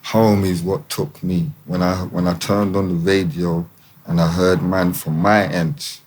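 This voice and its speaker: A man speaks in a fairly low voice, slangy and emphatic, his talk loose and conversational. A faint room ambience sits behind him. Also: measured pace, a little hiss or hum. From England. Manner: animated street slang, emphatic. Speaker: guest. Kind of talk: casual interview talk.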